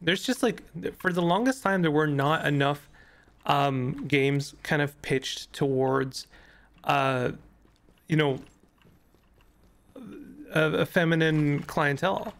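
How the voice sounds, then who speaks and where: Young guy with a gravelly, slightly raised voice, rambling through a game, lots of ums and restarts, voice going hoarse. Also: on the high side, slow, long pauses, a bit bright. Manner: rambling, many fillers and restarts. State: losing his voice. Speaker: gaming YouTuber. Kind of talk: casual gameplay commentary.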